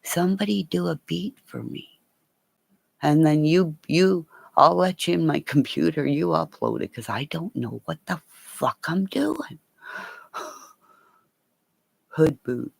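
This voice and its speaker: A woman's voice: deep voice, lively intonation, unhurried, gravelly, a little mellow, breathy edge, dry recording. A woman rambling and swearing in a casual livestream chat with her viewers, laughing often.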